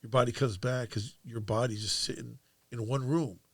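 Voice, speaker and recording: A man hosting a podcast in casual conversation, easygoing and quick to agree. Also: medium pitch, fairly even intonation, dry recording. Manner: easygoing, frequent agreeing interjections. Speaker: podcast host.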